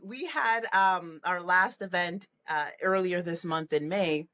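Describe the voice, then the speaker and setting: Speaking slowly in a low-pitched voice, a middle-aged woman who works as a leadership coach joins a podcast for a conversational interview. Her storytelling is lively, full of laughter and impressions of children's voices.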